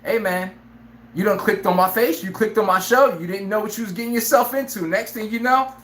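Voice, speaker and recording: Brash, laughing live sports-stream host. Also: male voice, high voice, fairly quick, roomy sound, a little hiss or hum. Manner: brash, animated, laughs often, acts out players' lines. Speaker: sports talk show host.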